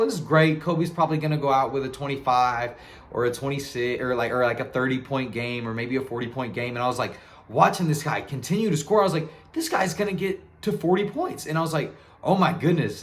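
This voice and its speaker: A man's voice: medium pitch, fairly bright tone. A young man talking casually to camera in an earnest, rambling way, correcting himself as he goes. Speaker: sports video creator. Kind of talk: casual tribute monologue to camera.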